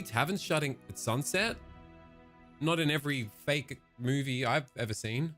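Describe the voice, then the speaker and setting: A man's voice: medium pitch, normal speed, music in the background. A man with an Australian accent casually commenting on a game, reading its text aloud and breaking off for jokey, profane asides.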